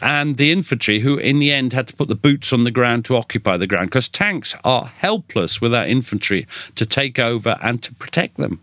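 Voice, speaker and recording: Man, middle-aged historian, lively swooping voice, dry close sound, emphatic repetition. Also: medium pitch, moderate pace, no echo. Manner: animated, repeats words for emphasis. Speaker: military historian. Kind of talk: interview, storytelling.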